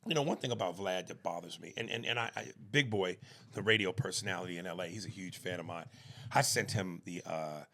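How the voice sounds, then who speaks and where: A man co-hosting a comedy podcast in casual chat, animated and prone to slipping into quick jokey impressions. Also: deep voice, creaky.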